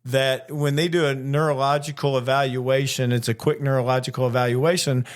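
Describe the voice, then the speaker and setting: A man's voice: medium pitch, little pitch movement, brisk. An older man co-hosting a casual chat as a flight attendant, telling stories, laughing often and swearing casually. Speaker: podcast co-host, flight attendant.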